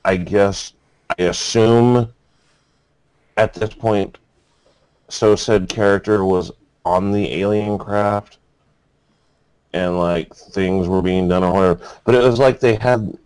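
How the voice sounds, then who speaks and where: A man's voice: fairly low pitch, fairly even intonation, slow, long pauses, a little mellow, clean tone, dry recording. A man co-hosting an uncensored podcast, rambling casually and laughing as he picks apart a movie. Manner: rambling, laughs often, mimics movie lines. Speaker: podcast co-host.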